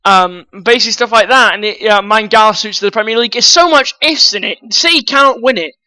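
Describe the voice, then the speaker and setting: A man with a high, bright, sharp-edged voice rants about football transfers, blunt and quick to swear. He talks straight at his viewers, calling them guys. The sound is close and dry, with no room around it. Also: no echo, low-quality recording. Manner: blunt, ranting, swears freely. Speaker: football vlogger. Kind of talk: opinionated transfer-news rant.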